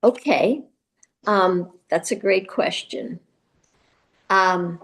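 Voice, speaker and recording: A woman giving a spiritual class in a temple, talking in a gentle, reflective way with pauses. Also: mid-range voice. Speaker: class speaker.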